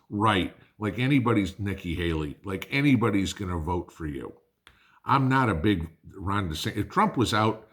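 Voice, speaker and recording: A low-pitched man running a prepping channel vents furiously about politics, cursing bluntly and calling his audience "guys."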